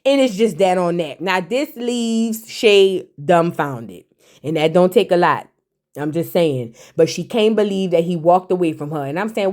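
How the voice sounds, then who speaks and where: A woman's voice: fairly low pitch, measured pace, darkish tone. A woman giving a blunt, sassy, casual recap of a reality TV episode, throwing in mocking asides and slang.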